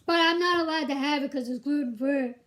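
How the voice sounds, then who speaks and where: A woman's voice: sits high, brisk, fairly bright tone. A young woman ranting bluntly on a commentary vlog, exasperated and swearing. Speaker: YouTube commentator.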